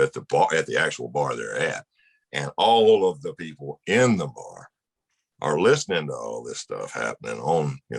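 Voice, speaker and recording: A man's voice: rumbling low, breathy edge. A man from Mississippi, telling a rambling, folksy road story in a casual chat. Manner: folksy, rambling anecdote with laughs. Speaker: guest musician.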